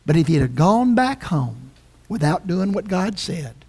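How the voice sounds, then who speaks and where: Breathy woman preaching with passion. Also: lowish voice, sing-song, measured pace, darkish tone. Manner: impassioned, emphatic, with restarts. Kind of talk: sermon.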